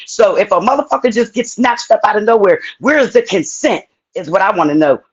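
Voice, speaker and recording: An angry woman speaking, hammering a man with pointed questions on a live stream. Her voice is husky and a little breathy. The audio sounds muffled and lo-fi. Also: medium pitch, animated, fairly quick. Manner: angry, confrontational, profane. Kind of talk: heated live-stream confrontation.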